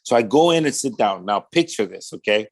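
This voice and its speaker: A man's voice: on the low side, fairly quick. A pastor telling his personal testimony in a podcast interview, speaking in casual street slang, often saying "man", and acting out the voices of the people in his story. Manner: animated storyteller who acts out quoted dialogue.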